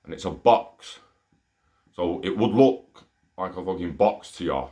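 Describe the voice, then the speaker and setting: A man's voice: low voice, measured pace. Young guy ranting about a wild experience, swears a lot, all over the place. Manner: profane, rambling and excitable. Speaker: storyteller sharing an experience. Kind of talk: casual monologue.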